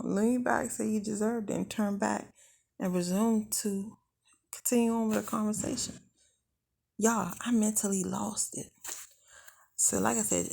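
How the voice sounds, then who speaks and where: A woman's voice: medium pitch, vocal fry, husky. A young adult woman telling her own life story in a blunt, candid, conversational way. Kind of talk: casual first-person life story.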